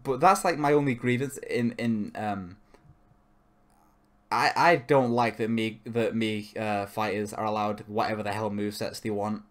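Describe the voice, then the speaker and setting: A man's voice: lowish voice, moderate pace. A man co-hosting a podcast in casual chat, rambling and cutting himself off, with frequent swearing. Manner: rambling, self-interrupting, swears. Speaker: podcast co-host.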